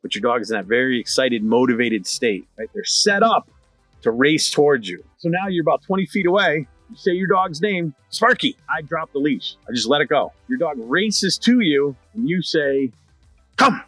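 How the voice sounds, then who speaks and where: A middle-aged man teaching dog training in a lively conversational way, repeating his key points. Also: a little high, moderate pace, no room sound, soft background music. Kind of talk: instructional talk to camera.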